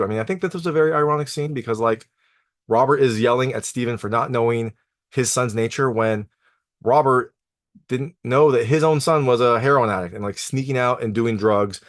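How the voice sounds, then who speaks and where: A man's voice: medium pitch, a little fast, no echo, clean studio sound. A man hosting a TV review channel, casually recapping an episode with lots of filler words. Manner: conversational, lots of "like" and "you know" fillers. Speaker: TV review host.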